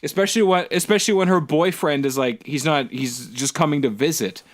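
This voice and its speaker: A man's voice: a little high, brisk. A man co-hosting a casual podcast, ranting in an exasperated way with lots of fillers. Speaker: podcast co-host. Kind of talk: casual chat.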